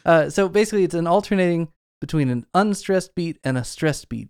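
Higher-voiced man lecturing on a podcast. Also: expressive, a little fast, hardly any pauses, clean tone, no room sound, clean studio sound. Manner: explains at length, lecturing tone. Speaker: podcast co-host. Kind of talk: casual podcast chat.

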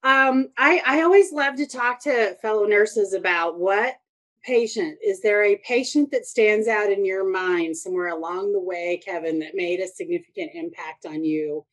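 A woman's voice: medium pitch, normal speed. A woman who is a nurse, asking chatty, rambling questions in a casual interview.

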